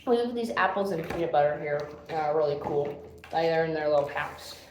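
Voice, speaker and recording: Young woman, podcast co-host, excitable chatter, lively pitch, roomy echo. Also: a little fast. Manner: giggly, excitable, breaks into squeals. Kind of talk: casual chat while eating. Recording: echoey room, faint hiss.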